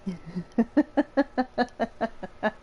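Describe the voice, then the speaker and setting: A woman's voice: a little high, animated, very slow, dark tone, lo-fi sound. Young woman streaming a game, chatty, swears, talks to chat, bouncy voice, noisy background hiss. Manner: chatty and laughing, swears, reads chat aloud. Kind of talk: casual live-stream commentary.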